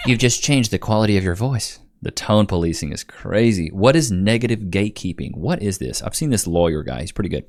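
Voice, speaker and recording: A man's voice: fairly low pitch, big pitch swings, a little fast, few pauses, a little mellow, no room sound, clean studio sound. A young man reacting to clips in casual, blunt commentary, mocking and slangy.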